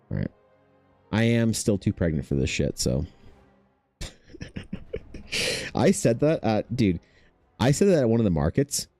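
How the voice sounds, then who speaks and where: A young man chatting casually while drawing on his art stream, telling stories in a rambling, animated way full of fillers. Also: lowish voice, no room sound. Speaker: artist hosting a drawing stream.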